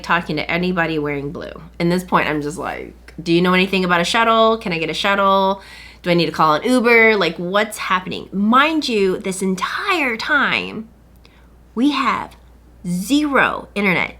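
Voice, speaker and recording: A woman's voice: mid-range voice, pushed and bright. A woman hosting a podcast, chatting casually and retelling a story animatedly, acting out what other people said. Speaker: podcast host.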